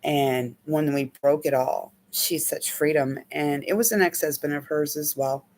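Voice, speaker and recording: Lowish-voiced woman healing coach, candid. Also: measured pace, darkish tone. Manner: candid, rambling, emotional storytelling. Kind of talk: casual spoken teaching.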